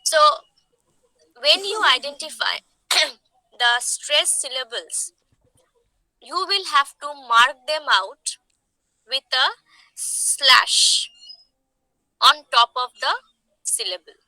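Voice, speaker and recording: A woman teacher, giving an online class lecture. She talks slowly and repeats points, often checking that students follow. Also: high voice, animated, sharp tone, dry recording, low-quality recording. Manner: slow, repetitive, checks on students.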